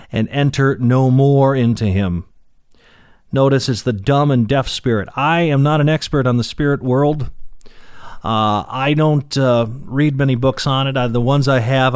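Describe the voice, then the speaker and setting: In a smooth, darkish mid-range voice, a man reads scripture and then teaches plainly on what it means, restarting and using fillers along the way. Pain comes through as he speaks. The studio sound is clean, with no echo.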